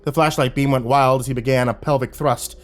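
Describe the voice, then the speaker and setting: A man narrating a horror story in a steady storytelling delivery. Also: medium pitch, brisk.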